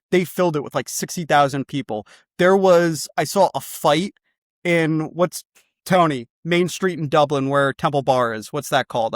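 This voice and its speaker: A young man co-hosting a comedy show, pitching a football club in a rambling, excitable way and swearing freely. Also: dry recording, clean studio sound.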